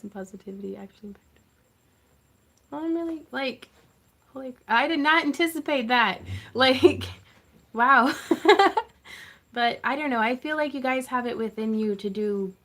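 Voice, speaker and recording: A woman's voice: mid-range voice, creaky, fairly bright tone. Giggly woman hosting a craft livestream. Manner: giggly, laughs often, gushing; chatty and effusive. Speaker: craft channel host. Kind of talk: casual livestream chat.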